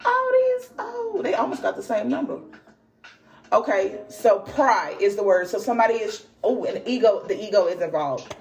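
A woman's voice: mid-range voice, moderate pace, gravelly, soft background music. A young woman hosting a spiritual podcast, telling a dream story with lots of slang and laughter, then reading cards. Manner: animated, laughing, slangy, exclaims often. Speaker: podcast host and spiritual reader. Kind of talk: casual storytelling and card reading.

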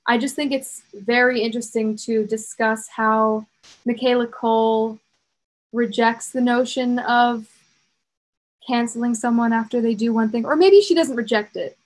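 A young woman with a slightly high voice co-hosts a podcast. She talks in a loose, chatty way, full of "um" and "like". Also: poor audio. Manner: chatty, uses fillers and "like". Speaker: podcast co-host. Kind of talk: casual chat.

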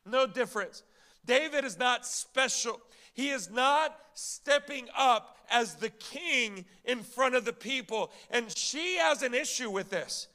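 A male pastor delivers a sermon in a high, bright and forceful voice. He preaches with emphasis, throws rhetorical questions at his listeners and often repeats a word as he drives a point home. His tone stays fervent and direct. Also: expressive, slow pace. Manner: repeats and restarts words when building a point.

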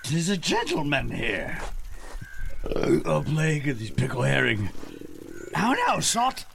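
A man's voice: on the high side, wildly swooping pitch, unhurried, gravelly, noisy background, heavily acted. An actor playing a drunken, blustering nobleman in Elizabethan stage style, slurring and lurching.

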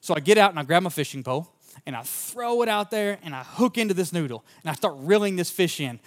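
A male pastor with a somewhat high voice delivers a sermon. He tells a personal story in an earnest, folksy, down-to-earth way and speaks straight to his congregation. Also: expressive, quick pace.

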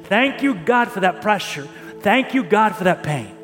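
A male pastor preaching a sermon in an earnest way, often repeating and restarting words and reading scripture slowly. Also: high-pitched, very animated, fairly bright tone, soft background music. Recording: reverberant hall.

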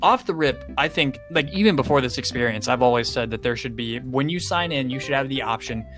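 A young man co-hosting a casual chat, telling a story in a dry, deadpan way. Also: medium pitch, brisk, over music. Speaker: co-host.

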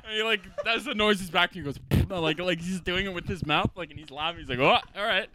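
A young man co-hosting a podcast, telling crude bathroom stories in animated casual chat and laughing along. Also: high-pitched, a little fast. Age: young adult. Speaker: podcast co-host.

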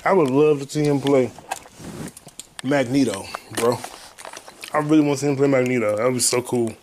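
A man hosting a solo podcast, a comedian ranting casually and profanely, with sudden loud outbursts. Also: medium pitch, normal speed, a little hiss or hum. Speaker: podcast host and stand-up comedian.

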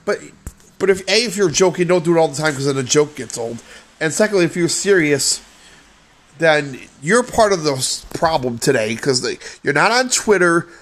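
A man's voice: on the high side, expressive, normal speed. A man hosting a solo podcast, ranting with lots of profanity in an exasperated way. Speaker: podcast host.

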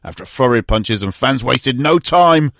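A man's voice: medium pitch, lively intonation, moderate pace, vocal fry, fairly bright tone, no echo. Guy hosting sports radio, reads the news stories, cracks dry jokes, close dead-sounding mic. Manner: wry, jokey delivery. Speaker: radio show host. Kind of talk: reading sports news with banter.

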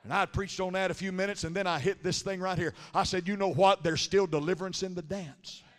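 A man preaching a Pentecostal sermon in a church, telling stories in a quick, rhythmic cadence and building up to shouted, chanted lines. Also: sits high, fairly even intonation. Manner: punctuates lines with a breathy "huh". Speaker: pastor. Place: large church sanctuary. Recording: live sermon with long hall reverb.

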